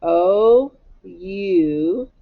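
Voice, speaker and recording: A woman's voice: medium pitch, expressive, very slow, narrow, tinny audio. A woman teacher giving a recorded phonics lesson for children, spelling words out letter by letter in a patient, encouraging way. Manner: gently encouraging.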